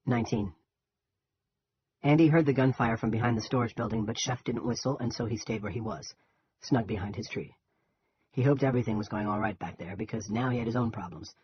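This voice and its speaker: A man reading a novel aloud in a steady, plain narration. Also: on the low side, a little fast, slight background noise. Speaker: audiobook reader. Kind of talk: audiobook narration. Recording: dull lo-fi.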